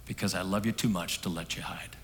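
A middle-aged man preaching a sermon, telling a story that swings from hushed and soft to loud. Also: low voice, fairly even intonation, a little fast, a little hiss or hum. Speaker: pastor. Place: church hall. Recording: long hall reverb.

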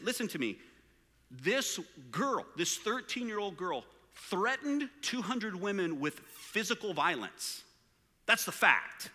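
A man's voice: on the high side, pushed and bright. A man preaching a live sermon, joking and asking the room rhetorical questions. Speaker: pastor. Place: large church hall. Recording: long hall reverb.

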